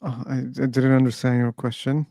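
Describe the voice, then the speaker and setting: A man's voice: mid-range voice, flat delivery, moderate pace, gravelly, dark tone, dry recording. A man hosting a casual online debate, patiently explaining his points and steering the talk back to the topic. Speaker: discussion host. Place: online voice chat room.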